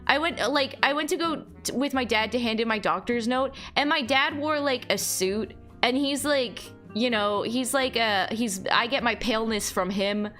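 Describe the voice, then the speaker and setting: A woman's voice: on the high side, moderate pace, few pauses, fairly bright tone, faint music behind. A young woman streaming, chatting casually with her viewers, rambling with lots of fillers and laughing as she goes. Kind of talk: casual chat reading chat aloud.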